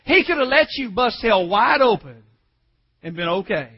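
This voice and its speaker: A man preaching a sermon in a very high voice, rising from soft asides to shouted, near-tearful peaks. He has the congregation repeat lines back to him. The recording sounds dull and lo-fi. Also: very animated, normal speed, breathy edge. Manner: swells from quiet asides to shouted, crying climaxes.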